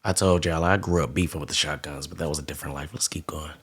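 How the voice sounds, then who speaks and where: A man's voice: very deep voice, fairly even intonation, fast, a bit bright, breathy edge. A man hosting a podcast, moderating the talk with dry, blunt interjections. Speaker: podcast host.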